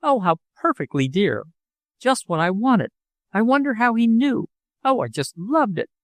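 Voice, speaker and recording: An earnest young woman, calm and sweetly insistent, as a male narrator puts her on. The voice is lifted high and expressive, dry and close to the mic. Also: moderate pace, no echo.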